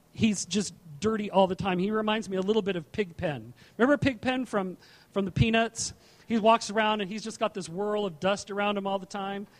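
Man, middle-aged, pastor, high voice, conversational sermon, scripture reading, frequent restarts. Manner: conversational, with asides and repeated restarts.

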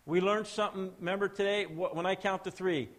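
A man's voice: sits high, fairly even intonation, fairly quick. A man preaching a sermon to young people and adults, talking to them directly and asking them to answer back. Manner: swings between soft and loud, rising to emphatic exhortations.

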